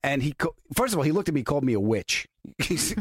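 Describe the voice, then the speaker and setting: A man hosting a podcast, telling a story in a deadpan way that builds to a punchline. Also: on the high side, quick pace, husky, dry recording, clean studio sound. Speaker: podcast host. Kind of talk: casual chat, storytelling.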